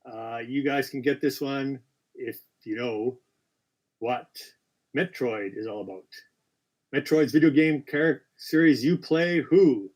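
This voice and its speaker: Guy running a live quiz stream, mid-pitched, keeps correcting himself and saying sorry. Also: takes it slowly, a little mellow. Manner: chatty, self-correcting, apologetic asides. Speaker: quiz host.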